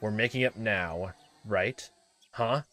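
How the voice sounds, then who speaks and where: A man voicing an abusive, short-tempered middle-aged uncle who snaps and shouts in a raised, higher voice. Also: takes it slowly, soft background music. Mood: menacing, low. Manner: loud, snapping, bullying.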